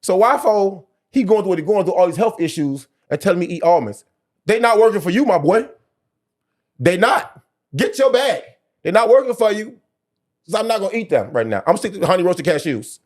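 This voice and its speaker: A man's voice: sits high, lively intonation, fairly quick, a little mellow. A man co-hosting a casual sports podcast, joking and swearing freely, slipping into mock preaching. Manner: joking, profane, slips into a mock preacher prayer. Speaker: podcast co-host.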